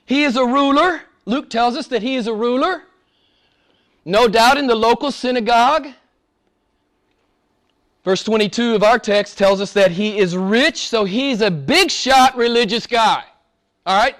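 A male pastor preaching a sermon, emphatic, swinging between loud exclamations and hushed asides. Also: extremely high pitch.

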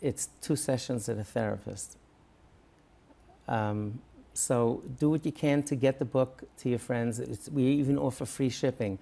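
A gravelly, medium-pitched voice belongs to a rabbi taking his time as an interview guest. Earnest and lively in the conversation, he regularly acts out the words of parents and coaches.

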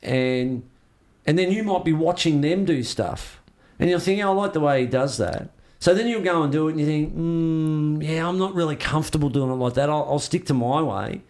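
A man's voice: fairly high pitch, fairly quick, darkish tone. A man with an Australian accent, a surfboard shaper, telling rambling stories in a casual interview and acting out the reactions he quotes.

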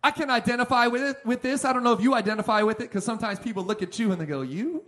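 A man preaching as a pastor, emphatic, swinging between loud passages and soft ones. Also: very high-pitched, fairly even intonation, rapid-fire. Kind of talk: sermon.

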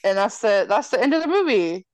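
Brisk and mid-range, a woman's voice comes through with no room sound. The podcast co-host recaps a movie in casual chat, swearing freely and acting out quoted voices in a profane, animated retelling.

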